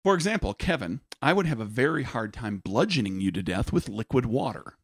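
A man's voice: medium pitch, very animated, fairly quick, breathy edge. A man co-hosting a podcast in casual, joking chat, laughing often. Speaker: podcast co-host.

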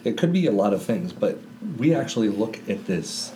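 Deep-voiced man chatting about scripture. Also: big pitch swings, moderate pace, mellow, slight background noise. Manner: conversational, explains with everyday examples. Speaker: co-host discussing scripture. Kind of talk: casual Bible study chat. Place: library.

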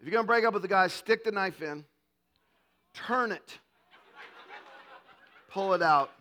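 Male preacher, high and bright, comic storytelling sermon. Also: measured pace. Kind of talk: humorous sermon.

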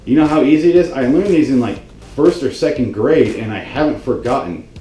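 A man's voice: mid-range voice, lively intonation, a little fast, warm tone, reverberant, soft background music, poor audio. A man hosting a video, delivering a comedic grammar rant that is profane, exasperated and sarcastic. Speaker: video host.

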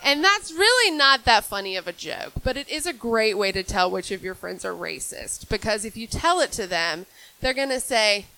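A woman's voice: on the high side, very animated, moderate pace, sharp tone, slight background noise, low-quality recording. A woman, doing a dry, self-deprecating stand-up set on a club stage. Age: 20s. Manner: dry, self-deprecating storytelling with acted-out quotes. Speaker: stand-up comedian.

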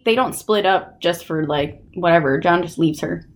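A woman's voice: fairly low pitch, normal speed, slight background noise. A young woman co-hosting a casual true-crime podcast, telling the story with crude jokes and lots of swearing. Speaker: podcast co-host.

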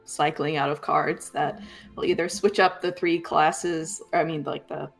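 A woman's voice: sits low, steady tone, a little slow, vocal fry, soft background music. A woman co-hosting a streamed podcast, speaking casually and hesitantly and laughing often. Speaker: podcast co-host.

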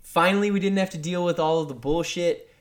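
A man's voice: high voice, fairly quick. A man co-hosting a podcast, chatting casually and ranting with plenty of swearing. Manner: profane, animated ranting. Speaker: podcast co-host. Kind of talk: casual chat.

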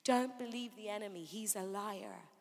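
A woman preaching a sermon quickly and with emphasis. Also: medium pitch, big-room sound.

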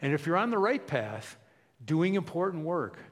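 A man preaching a sermon in a conversational way, asking rhetorical questions and dropping his voice low for emphasis. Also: sing-song, moderate pace. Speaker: pastor.

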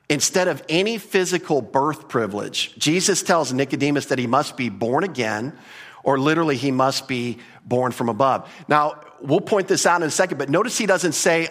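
A man's voice: medium pitch, expressive, moderate pace, fairly bright tone. A man preaching a sermon in an emphatic, conversational way, repeating key points and adding casual asides. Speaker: pastor.

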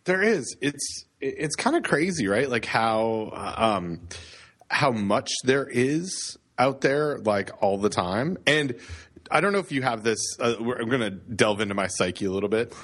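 A man's voice: mid-range voice, lively intonation, unhurried, fairly bright tone. A Canadian man co-hosting a podcast, chatting casually and rambling with self-deprecating jokes. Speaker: podcast co-host. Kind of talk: casual chat.

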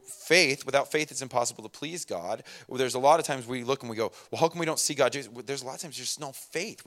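A man preaching a sermon, reading scripture aloud and then explaining it in a loose, conversational way, acting out the people he quotes. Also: a little high. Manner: conversational, animated, acts out quotes.

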